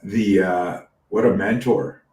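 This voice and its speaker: Low-voiced man telling stories in an echoey room. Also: slow, recorded from a distance. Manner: animated storyteller, swears freely, many restarts. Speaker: podcast host. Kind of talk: casual interview chat.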